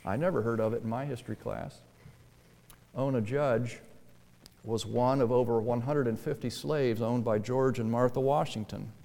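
A man's voice: medium pitch, vocal fry, dark tone. Preaching man in a reverberant hall. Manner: conversational preaching that builds to emphatic, raised delivery. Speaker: pastor. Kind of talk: sermon.

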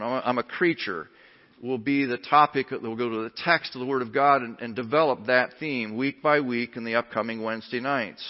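A man preaching a sermon as pastor, emphatic and earnest. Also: medium pitch. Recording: lo-fi recording in a reverberant hall.

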